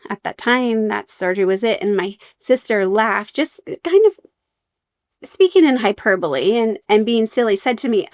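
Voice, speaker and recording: A woman's voice: fairly high pitch, big pitch swings, measured pace, no room sound, studio quality. A young adult woman, a podcast guest, telling her story candidly with wry humor and many fillers.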